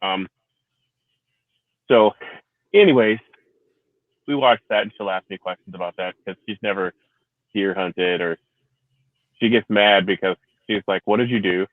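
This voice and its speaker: A man's voice: low voice, a little slow, pauses often, dry recording. A man who is a Marine veteran hosting a casual livestream, rambling and swearing freely, laughing often. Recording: tinny phone-like sound.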